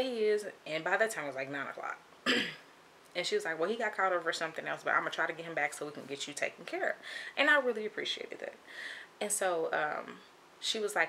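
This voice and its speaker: A young woman telling a casual storytime, animated and chatty, acting out what people said. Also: sits low, a little hiss or hum. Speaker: vlogger.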